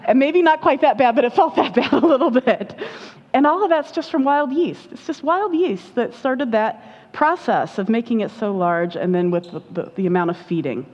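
A woman's voice: on the high side, a little mellow. A woman giving a conversational sermon as a preacher, chatty and often checking in with her listeners. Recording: dull lo-fi sound with long hall reverb.

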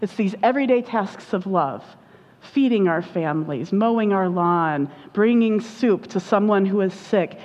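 A woman's voice: medium pitch, lively intonation, unhurried, a little mellow. A woman giving a conversational sermon as a preacher, chatty and often checking in with her listeners. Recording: dull lo-fi sound with long hall reverb.

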